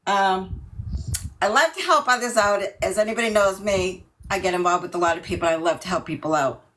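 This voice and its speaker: A middle-aged woman from Massachusetts, talking about herself in a video call interview, nervous and emotional, with many ums and pauses. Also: medium pitch, a bit bright, rough recording. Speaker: team member.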